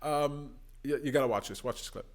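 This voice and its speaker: A man hosting a political commentary channel, reacting to debate clips with animated, indignant outbursts. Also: medium pitch, fairly quick. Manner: animated, bursts into indignant exclamations.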